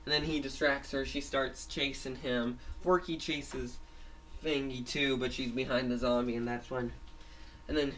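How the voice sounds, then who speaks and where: A man's voice: mid-range voice, fairly even intonation, a little slow, fairly bright tone, far from the mic, poor audio. A man retelling a made-up episode in a rambling way, full of restarts. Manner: rambling, many restarts and fillers. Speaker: storyteller.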